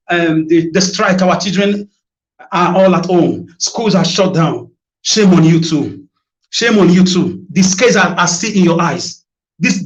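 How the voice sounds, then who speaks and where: A Nigerian man making an emotional, accusing public appeal, repeating phrases for force. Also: high-pitched. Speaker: citizen addressing a governor in a video. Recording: dull lo-fi video audio.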